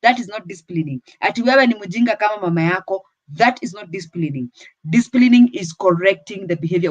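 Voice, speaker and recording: A woman's voice: mid-range voice, husky, no echo, lo-fi sound. A woman with a Kenyan accent giving firm parenting advice on a talk show. She switches between English and Swahili.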